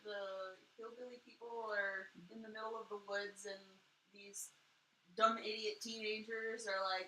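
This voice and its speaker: Very bright, animated woman, echoey and off-mic. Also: medium pitch, measured pace, distant mic. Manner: animated, acts out quotes. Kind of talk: casual storytelling chat.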